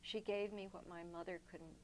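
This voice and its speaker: A woman's voice: lowish voice, fairly even intonation, normal speed, a little hiss or hum, rough recording. An older woman, a guest in an interview, telling long personal stories in a reflective way, often restarting her sentences. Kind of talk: storytelling in a sit-down interview.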